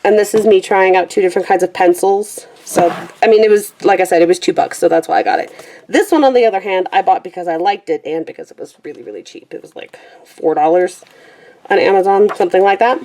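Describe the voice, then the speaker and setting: A woman's voice: medium pitch, quick pace, dark tone, a little hiss or hum. Chatty, slightly breathless young woman. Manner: chatty, self-correcting, laughs often. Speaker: vlogger. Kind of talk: casual rambling chat.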